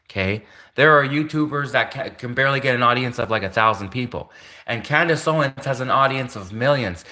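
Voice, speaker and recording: Bright-voiced man ranting on a livestream. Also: medium pitch. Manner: repetitive, keeps addressing his target directly. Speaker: livestream host. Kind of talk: casual ranting monologue.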